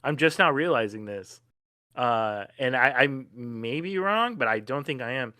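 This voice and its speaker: Dude on a movie podcast, sharp bright voice, dry room, says like and uh a lot. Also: male voice, medium pitch, animated, normal speed, no echo. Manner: enthusiastic, casual swearing, many fillers. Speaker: podcast co-host. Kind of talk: casual film discussion.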